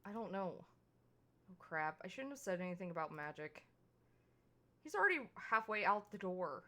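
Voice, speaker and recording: A woman streamer reads a story game aloud in a bright, clear voice. She is casual and chatty, tripping over words and fixing them as she goes. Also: on the low side, big pitch swings, normal speed, long pauses. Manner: casual, stumbling over words and laughing at slips. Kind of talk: reading a visual novel aloud.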